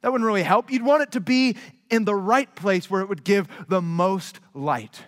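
A man preaching a sermon as pastor, with emphatic, repetitive rhetoric that swings between quiet low asides and raised, urgent stresses. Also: normal speed. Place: large church sanctuary. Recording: long hall reverb.

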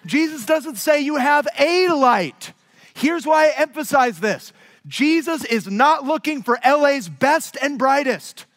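A man preaching a sermon as pastor, with emphatic, repetitive rhetoric that swings between quiet low asides and raised, urgent stresses. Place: large church sanctuary. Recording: long hall reverb.

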